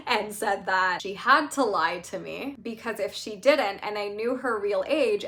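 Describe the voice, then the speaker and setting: With a mid-range, slightly bright voice, a woman in her thirties who works as a life coach tells a personal story in a monologue. Her delivery is chatty and frank, studded with fillers, and she laughs wryly even at the painful parts.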